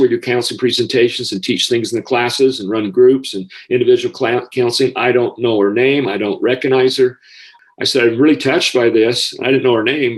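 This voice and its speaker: A man's voice: medium pitch, low-quality recording. An older American man, a former school counselor, telling a personal story in a heartfelt way and getting emotional easily.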